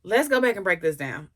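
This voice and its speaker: A woman doing gossip commentary to her viewers. She is sassy and animated, and keeps stopping to talk back to the texts she reads. Her voice is bright and forceful and swings widely in pitch. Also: breathy edge. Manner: sassy, animated, laughs and comments between readings. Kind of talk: casual commentary, reading texts aloud.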